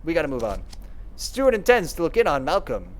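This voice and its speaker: A man playing a game live and commenting in an excitable, self-mocking way. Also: on the high side, fast talker. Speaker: streamer.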